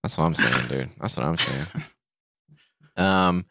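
A man's voice: extremely low pitch, slow, creaky, sharp tone, no room sound, clean studio sound. A man co-hosting a podcast, riffing sarcastically and reading items aloud in casual chat. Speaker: podcast co-host.

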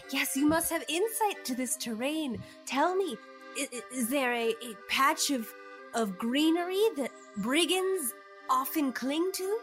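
A woman's voice: high-pitched, lively intonation, measured pace, soft background music. A woman playing a worried noblewoman who hesitates and frets in an improvised comedy play. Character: anxious noblewoman fretting about brigands.

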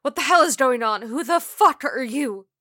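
A woman's voice: a little high, big pitch swings, normal speed, sharp tone, dry recording, clean studio sound, voice pushed up, heavily acted. A woman voicing a frightened young policewoman who talks sharply and demands answers, in an audiobook reading. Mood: shouting. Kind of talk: audiobook character voice.

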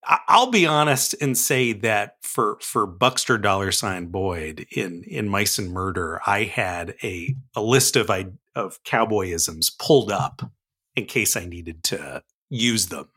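A man guesting on a podcast, chatting casually with wry, deadpan jokes. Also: fairly low pitch, takes it slowly, husky.

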